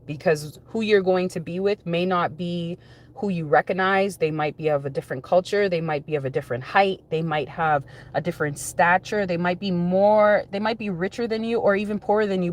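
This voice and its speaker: A woman giving a conversational, rambling spiritual message, often repeating phrases for emphasis. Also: on the low side. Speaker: spiritual reader. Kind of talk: spiritual reading monologue.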